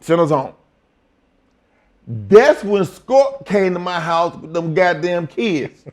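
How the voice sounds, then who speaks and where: A middle-aged man telling profane, animated stories as a guest in a shoot interview. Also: sits high, slow. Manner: profane, animated storytelling with acted quotes. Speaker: interview guest, former wrestler.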